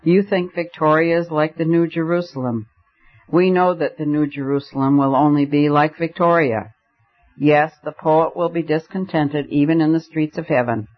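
A man's voice: fairly high pitch, fairly even intonation, moderate pace, natural voice. A man reading the part of a haughty, red-haired male anarchist poet with a supercilious manner. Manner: supercilious, then heated. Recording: dull lo-fi recording.

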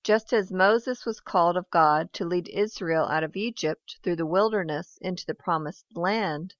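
Woman reader, low-pitched, measured and solemn, dry and slightly muffled recording. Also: no echo. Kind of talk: reading a devotional book aloud.

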